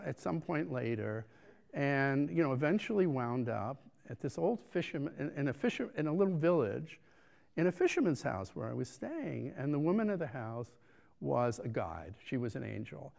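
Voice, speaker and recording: An American man telling a story from the stage, animated and self-mocking, stumbling over restarts as he acts out each exchange. His voice sits a touch high and carries a gravelly crackle, and the pitch leaps around constantly. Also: normal speed. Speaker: keynote speaker. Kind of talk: storytelling conference keynote.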